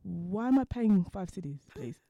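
A woman telling stories as a podcast guest, talking fast and laughing as she goes. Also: medium pitch, animated, dark tone, no echo, highs cut off. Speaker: guest, designer. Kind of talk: animated storytelling in conversation.

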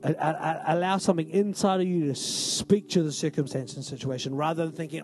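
A man's voice: fairly high pitch, steady tone, fairly quick, hardly any pauses, a little mellow, faint music behind. A male pastor giving a conversational, emphatic sermon in a church and often asking the congregation "right?".

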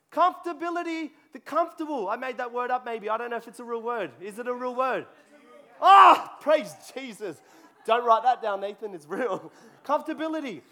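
A man preaching a sermon to a congregation in a church, talking conversationally and joking with people in the room. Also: very high voice. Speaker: pastor. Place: church hall before a congregation.

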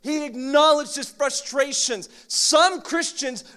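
High-voiced male preacher, dramatic and funny. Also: takes it slowly. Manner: dramatic, swings from quiet asides to shouted acted-out prayers; humorous, playful asides. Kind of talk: sermon.

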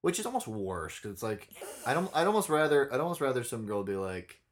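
A man's voice: medium pitch, a little fast. A young man co-hosting a casual podcast, telling a story bluntly with lots of swearing. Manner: profane, blunt, animated storytelling. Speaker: podcast co-host.

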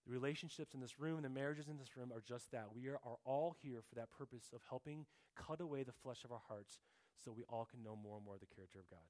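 Middle-aged man, church testimony, earnest, soft quiet delivery, repeats words at times, mid-pitched. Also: quick pace. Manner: repeats words when searching for a phrase. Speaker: church speaker giving testimony. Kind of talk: sermon testimony.

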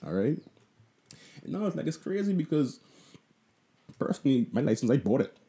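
A man's voice: a little high, sing-song, normal speed, dark tone. A young Bahamian man with a Bahamian accent, telling a story in a casual, profane, rambling way, full of asides. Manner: profane, loose and conversational, with lots of asides. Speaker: vlogger.

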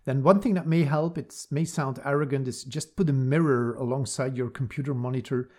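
Male podcast guest, breathy voice, easygoing and joking. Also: medium pitch, a little fast, mellow. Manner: joking, self-deprecating. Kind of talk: conversational podcast chat.

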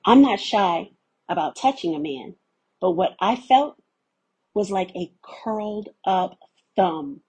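A woman's voice: medium pitch, animated, slow, vocal fry, darkish tone, slightly rough. A woman giving scripted first-person narration of a story, telling it in a candid, wry way.

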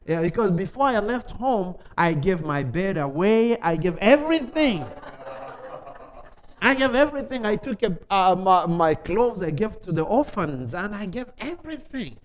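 A man preaching a testimony in broken English, telling his story with animation and dropping from quiet, low passages into loud, excited ones. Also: moderate pace, rough recording. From Africa. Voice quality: non-native English, broken grammar. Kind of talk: sermon testimony.

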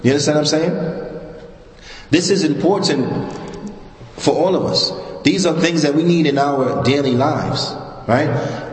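A man with a New York accent gives a religious lecture, his voice sitting a little high for a man. He talks in a loose, conversational way, repeating his points and putting questions to the audience. The recording is roomy, with a long reverb trailing after his words. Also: measured pace, pauses often. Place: mosque hall. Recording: echoey hall with long reverb.

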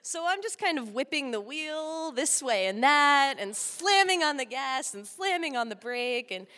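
Woman from Texas, lively stage storyteller, laughs through it, bright tone, long hall reverb. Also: high-pitched, measured pace. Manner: animated, laughing often. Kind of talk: live comic storytelling.

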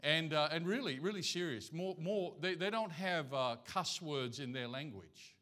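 A man's voice: fairly high pitch, normal speed, pushed and bright. A male pastor giving a conversational sermon in church, telling folksy stories and anecdotes.

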